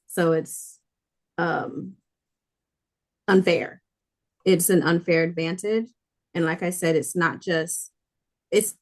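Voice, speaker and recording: A woman co-hosting a podcast in casual chat, talking loosely with many fillers. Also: on the low side. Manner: chatty, many fillers, retells scenes with quoted voices. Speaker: podcast co-host.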